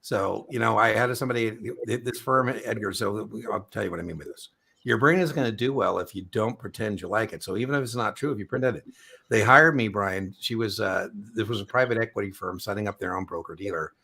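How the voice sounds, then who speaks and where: A man's voice: lowish voice, brisk, vocal fry, pushed and bright, slightly rough. A middle-aged man hosting an exam prep live stream, chatting casually and telling rambling, joking stories.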